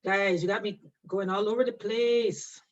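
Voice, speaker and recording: A middle-aged nursing instructor, chatty and often laughing, responds to students by name during a live online anatomy class. Her mid-range voice moves a little slowly with fairly even intonation. Sound comes through a distant, dull lo-fi mic.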